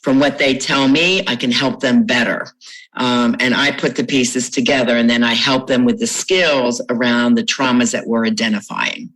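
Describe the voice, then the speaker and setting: A woman's voice: a bass voice, steady tone, moderate pace, a bit bright, poor audio. A middle-aged woman from Florida, a trauma recovery coach, answering interview questions in an explanatory way, telling client stories with light laughs.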